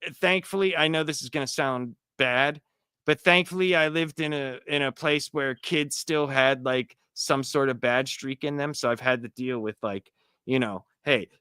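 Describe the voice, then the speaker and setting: A man chatting as a podcast guest, telling stories in a profane, animated way. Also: medium pitch, normal speed, clear, resonant tone, no room sound. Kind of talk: casual podcast chat.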